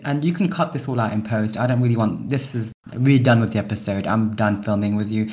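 A man's voice: fairly low pitch, brisk, hardly any pauses, a little mellow. Ranting exasperated young man. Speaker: podcast co-host. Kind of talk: comedic scripted podcast sketch.

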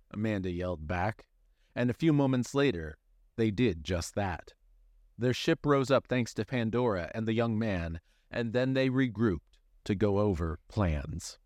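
A man's voice: lowish voice, animated, normal speed, darkish tone, no room sound. A man narrating a scripted adventure story, reading aloud expressively.

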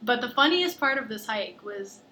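A young adult woman hosting a podcast, telling a travel story in lively, casual chat full of fillers. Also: a little high, moderate pace, slight background noise. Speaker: podcast host.

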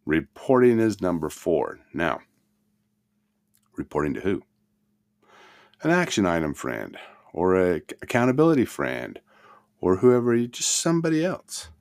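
A man teaching a self-help lesson in a motivational talk, swinging between loud emphasis and soft murmurs. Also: low-pitched, huge pitch swings, measured pace, long pauses.

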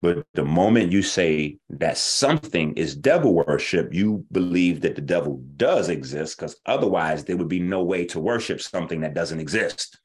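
A man hosts his own online talk show with a low voice that leaps up and down as he goes. He rants in a loose, profane way and keeps slipping into the voices of the people he is arguing with. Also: normal speed, few pauses. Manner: animated, profane, acts out the people he argues with. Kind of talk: casual livestream monologue.

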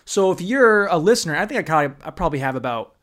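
A man's voice: on the high side, lively intonation, fast talker, a bit bright. Crude, rambling man ranting comedically. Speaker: podcast host. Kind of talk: comedic rant.

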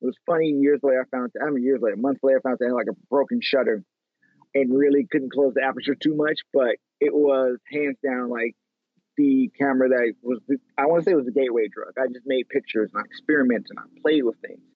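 A man from Chicago in his thirties, a photographer telling animated stories with lots of fillers in a casual interview. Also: mid-range voice, fast talker, dry recording. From Chicago, USA. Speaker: photographer guest. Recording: tinny phone-like line, dry.

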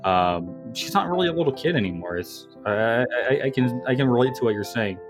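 Lively man bantering on a podcast. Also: mid-range voice, a little fast, over music. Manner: laughing, joking banter. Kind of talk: casual drunken podcast chat.

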